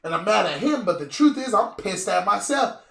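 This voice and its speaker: Host, male, bright voice, loose profane storyteller, echoey room. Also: high-pitched, big pitch swings, normal speed, gravelly. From US Southwest. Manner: storytelling, swearing, acts out quotes. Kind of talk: casual chat.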